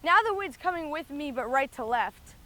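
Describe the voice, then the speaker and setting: A golf vlogger talks through her shots on a windy course, out of breath and thinking aloud in a chatty way, with lots of "likes" and restarts. Her voice is high-pitched and a bit bright, with lively intonation and a moderate pace.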